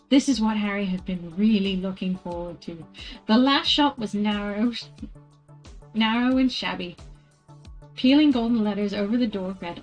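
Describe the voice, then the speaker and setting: A woman reads a book aloud to her stream at an ordinary middle pitch. She often trips over a word, restarts and apologizes before carrying on. Faint music runs quietly in the background. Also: moderate pace, low-quality recording. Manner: stumbles over words, corrects herself and apologizes. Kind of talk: casual read-aloud on stream.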